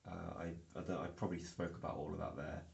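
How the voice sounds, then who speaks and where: A man's voice: low-pitched, flat delivery, fast talker, vocal fry, highs cut off. A young man rambling through a casual vlog, full of ums and restarts, recorded indoors. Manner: rambling, filler-heavy storytelling. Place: indoor room. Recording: echoey room.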